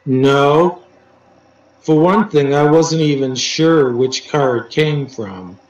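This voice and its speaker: A man tells his stories slowly, stopping often and restarting, with dry teasing. His voice sits back from the mic in a roomy space. The sound is a little dull, with faint music under it. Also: fairly high pitch, a little mellow, recorded from a distance. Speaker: interview guest, poet. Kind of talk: casual storytelling interview.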